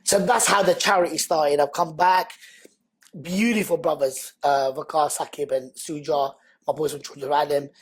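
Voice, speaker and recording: A man, a guest on a podcast, telling his life story in an earnest, animated, conversational way. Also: a little high, normal speed, slightly rough. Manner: animated, earnest, acts out quoted speech loudly.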